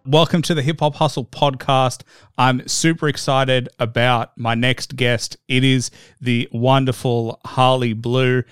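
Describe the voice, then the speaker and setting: A man's voice: mid-range voice, little pitch movement, measured pace, smooth, dry recording, studio quality, soft background music. An Australian man hosting a podcast interview, upbeat and chatty, rambling with lots of fillers. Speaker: podcast host. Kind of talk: casual interview chat.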